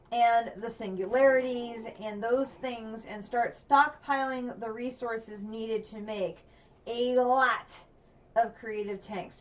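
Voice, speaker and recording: A woman's voice: on the high side, distant mic. A woman streamer commenting on a game as she plays, thinking aloud and chatting to herself. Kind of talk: gameplay livestream commentary.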